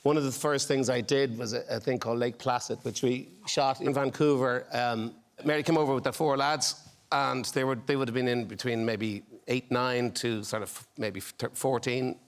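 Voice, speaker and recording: A man's voice: mid-range voice, fairly even intonation, moderate pace. A middle-aged man, a chat show guest, telling a rambling anecdote with chuckles. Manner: chuckling, meandering storyteller.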